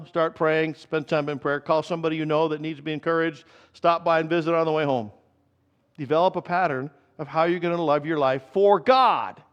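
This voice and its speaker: A pastor preaching a sermon in a conversational style, slowing down to repeat key phrases. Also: male voice, on the high side, smooth.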